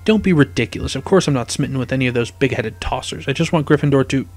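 A man's voice: mid-range voice, fast talker, a little mellow, close to an everyday voice. A man voicing a prim, indignant teenage schoolgirl who scolds in a huffy tone.

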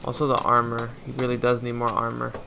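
A man's voice: mid-range voice, monotone, fast, gravelly, background noise. A young man commentating a horror video game, jumpy and talkative, addressing the viewers as y'all and swearing when startled. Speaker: gaming youtuber.

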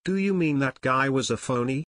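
A man's voice: mid-range voice, animated, normal speed, no echo, clean studio sound, natural voice. A man voicing a chubby, self-important teenage boy who complains, in a read-aloud story. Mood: whiny.

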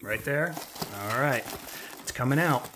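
A woman's voice: a bass voice, a little slow. A woman with the hiccups, casually cheering on a child as they open trading cards together at home. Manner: encouraging, easygoing, cheering the child on. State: has the hiccups. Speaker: parent co-hosting a card-opening video. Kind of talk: casual chat. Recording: clear background noise.

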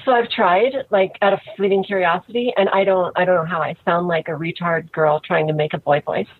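A woman's voice: on the low side, fairly quick, breathy edge, dry recording. A woman in her thirties, a guest in an interview, talking frankly and casually with lots of "like" fillers. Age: 30s. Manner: frank, relaxed, many "like" fillers. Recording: tinny phone-like line.

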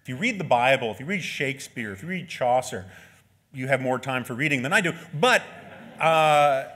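A man's voice: medium pitch, expressive, moderate pace, fairly bright tone. A man in his forties giving an unscripted talk as an author, with wry asides and frequent "right?" tags. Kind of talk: speaking at an event. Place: lecture venue.

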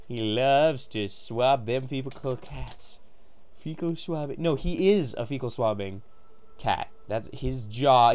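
A game streamer rambles goofily through casual live commentary as he plays, greeting viewers and suddenly breaking into excited shouts. The voice sits at a medium pitch.

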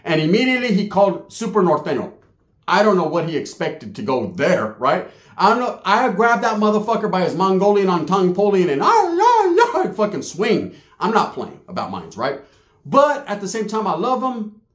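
A man's voice: high voice, wildly swooping pitch, normal speed. Streetwise man telling a profane story. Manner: profane, streetwise, acts out voices. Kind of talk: comedic storytelling monologue. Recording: echoey room.

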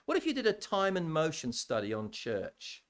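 A man preaching a sermon in a church, conversational and animated, often repeating words as he builds his points. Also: fairly high pitch, moderate pace.

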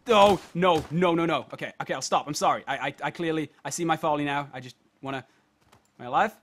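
A young man giving gaming commentary, exasperated, swearing and shouting at the game as he plays. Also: a little high, fast. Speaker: gaming video host.

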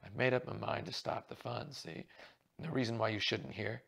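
A man's voice: medium pitch, moderate pace, creaky, husky, full character voice. A man reading as a drunk, blustering stage actor. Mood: taunting. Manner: loud, taunting delivery.

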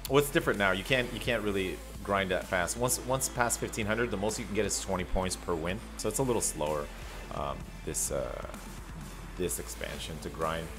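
Excited gamer man talking over game music. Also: sits low, moderate pace. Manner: excited, chatty, jokey, lots of "dude" and "man". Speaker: gameplay streamer. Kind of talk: live gameplay commentary.

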